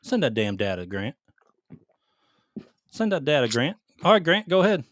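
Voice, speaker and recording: A man's voice: on the high side, sing-song, moderate pace, slight background noise. A middle-aged man hosting a gaming podcast, joking and teasing in casual chat. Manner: loud, teasing, joking banter. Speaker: podcast host.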